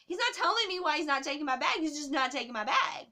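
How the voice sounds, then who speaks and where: A woman telling a travel story to her camera in a casual, animated way, swearing often. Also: high voice, fast.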